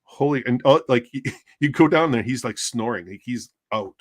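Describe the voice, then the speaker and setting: A man with a medium-pitched voice, animated and at a moderate pace, casually tells friends a story from a call he worked, acting out voices and laughing often. He's on a livestream from a home art studio, in studio-quality audio with no room sound.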